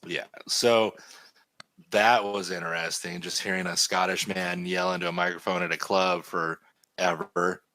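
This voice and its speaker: Male stream host, lowish voice, dry close mic, casual swearing storyteller. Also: unhurried, dry recording. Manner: animated, swears a lot.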